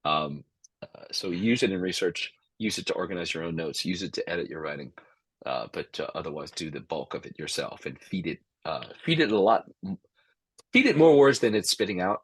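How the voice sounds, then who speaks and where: A man's voice: sits low, animated, a little fast, husky, no room sound. A middle-aged man answering interview questions as an expert witness, emphatic and prone to repeating words as he starts sentences. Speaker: expert witness and law professor.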